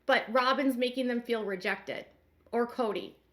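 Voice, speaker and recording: A woman's voice: a little high, moderate pace, fairly bright tone. A woman hosting a commentary channel, recapping and speculating in a chatty way with lots of fillers. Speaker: commentary host.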